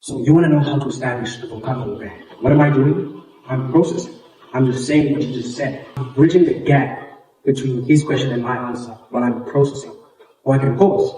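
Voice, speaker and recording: A man's voice: mid-range voice, mellow, far from the mic. A public speaking coach, a man whose first language is Xhosa, speaks English with a South African Xhosa accent. He teaches a workshop, explaining and repeating points and demonstrating as he goes. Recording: very echoey room, voice from afar.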